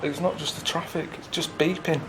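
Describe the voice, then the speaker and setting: A man chatting casually in a deadpan, rambling way, moaning about his travels. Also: a little high, a little fast, background noise. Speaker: guest on a comedy travel show. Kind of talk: casual comedic chat.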